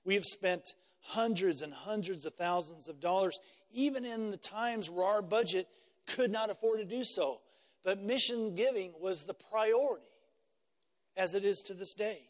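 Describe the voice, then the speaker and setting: A man's voice: high-pitched, normal speed, in a large hall. A male pastor delivering a conversational sermon, repeating phrases and often checking in with "right?".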